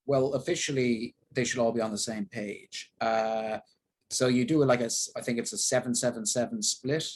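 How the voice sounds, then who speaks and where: A young Irish actor talking candidly and at length in an interview, rambling and self-deprecating. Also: male voice, mid-range voice, fairly even intonation, normal speed, slightly rough, low-quality recording. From Ireland. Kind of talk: casual interview talk.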